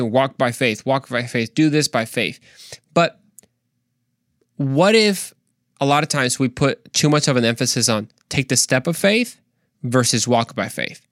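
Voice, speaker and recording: A man hosting a faith podcast, earnest and animated, repeating points for emphasis and joking in between. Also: mid-range voice, dry recording, studio quality. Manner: playful, tries silly accents, earnest preaching. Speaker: podcast host. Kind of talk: casual faith podcast monologue.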